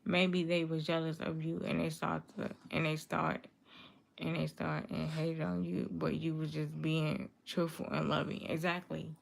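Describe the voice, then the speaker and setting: Woman vlogging straight to her viewers, aave speech, gravelly low voice, says things over and over like she means it. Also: little pitch movement, a little slow. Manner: earnest, repetitive, emphatic. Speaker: livestream vlogger reading viewer comments. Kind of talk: casual confessional talk to viewers.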